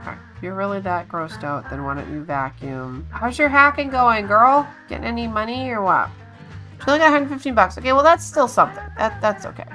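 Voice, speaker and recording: A woman's voice: a little high, fairly quick, soft background music. Chatty woman coaxing her game characters. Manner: chatty, coaxes and scolds game characters, sudden excited exclamations. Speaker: gaming channel host. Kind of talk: casual let's-play commentary.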